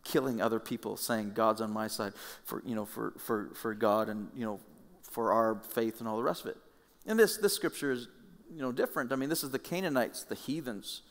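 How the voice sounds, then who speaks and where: A male pastor preaching a sermon in a conversational, animated storytelling way. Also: medium pitch, brisk, in a large hall. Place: church hall.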